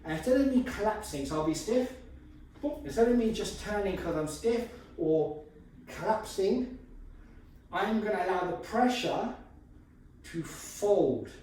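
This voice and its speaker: A man's voice: high voice, expressive, unhurried, pauses often, darkish tone, very echoey. Male instructor, demonstrating as he talks; distant mic, hollow room, faint noise. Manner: explanatory, moving while demonstrating. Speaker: martial arts instructor. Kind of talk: demonstrating martial arts technique.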